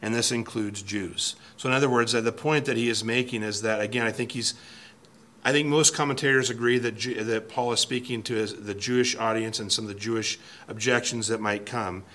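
Male Bible teacher, bright tone, thoughtful verse-by-verse delivery that reads quotes aloud. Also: medium pitch, fairly even intonation, fairly quick.

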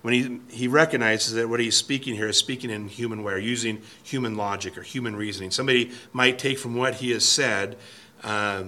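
Male Bible teacher, bright tone, thoughtful verse-by-verse delivery that reads quotes aloud. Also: medium pitch, fairly even intonation, a little fast.

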